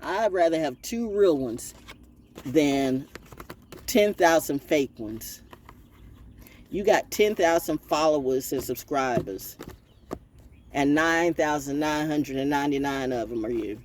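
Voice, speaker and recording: A woman's voice: low voice, lively intonation, slow pace, long pauses, a little mellow, a little hiss or hum. A woman hosting her own channel as an oracle reader, ranting in a blunt, profane and preachy freestyle way. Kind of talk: freestyle livestream rant.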